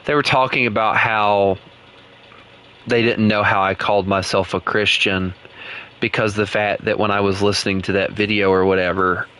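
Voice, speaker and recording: A man's voice: on the low side, fairly even intonation, normal speed, sharp tone, clear, resonant tone. A young man, chatting casually while streaming a game and rambling through his thoughts with many restarts. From United States. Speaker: gaming streamer. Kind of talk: casual gaming chat.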